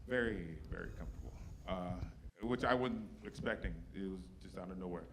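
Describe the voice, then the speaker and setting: A man's voice: low voice, fairly quick, a bit bright. A man doing a stand-up set in a comedy club, swearing freely and fighting back tears as he talks about his mother. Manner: profane, emotional, close to tears. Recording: live club with audience noise.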